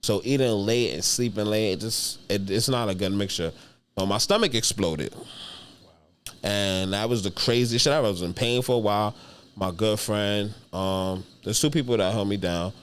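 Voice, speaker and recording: Slangy New comedian man, animated. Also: on the low side, moderate pace. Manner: animated, slangy, profane storytelling. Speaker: guest comedian. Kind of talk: casual storytelling interview. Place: podcast studio.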